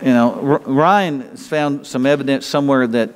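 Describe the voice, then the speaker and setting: A man's voice: mid-range voice, moderate pace, clean tone, in a large hall. An older man preaching a sermon as pastor, folksy and rambling, often restarting his sentences.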